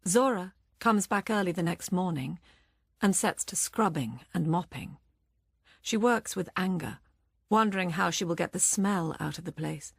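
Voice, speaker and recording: A woman reading a novel aloud in measured, even scripted narration. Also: fairly low pitch, vocal fry, no room sound, studio quality.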